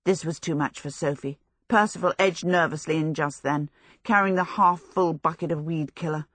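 Lower-voiced woman narrating a storybook. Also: no room sound, clean studio sound. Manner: expressive, measured storytelling. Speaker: audiobook narrator.

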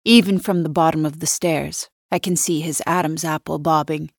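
A woman reading a first-person thriller audiobook in a wry, measured inner-monologue style. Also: sits low, steady tone, no echo, studio quality. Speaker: audiobook narrator.

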